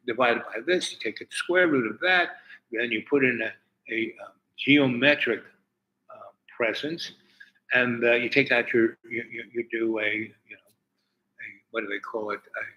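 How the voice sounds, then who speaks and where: Older male streamer, rambling and profane, bright forward voice. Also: medium pitch, highs cut off. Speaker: livestream host. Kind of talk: casual storytelling.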